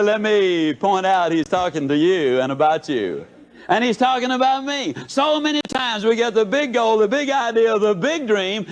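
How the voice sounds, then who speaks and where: A man's voice: extremely high pitch, poor audio. A man giving a motivational talk, telling folksy stories. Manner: folksy, animated storyteller. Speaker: motivational speaker. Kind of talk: motivational speech with storytelling. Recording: archival talk.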